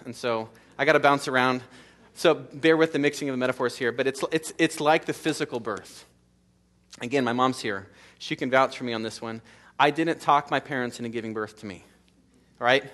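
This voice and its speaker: A middle-aged pastor preaches a sermon in a church sanctuary, his mid-range voice slightly bright. His delivery is emphatic and repetitive, building momentum through lists of short phrases.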